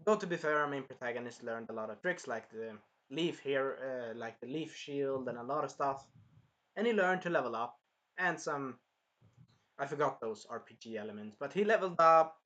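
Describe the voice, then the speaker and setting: A man's voice: medium pitch, animated, moderate pace, a bit bright, dull audio. A man giving a casual, rambling episode review of an anime, loose and a bit profane.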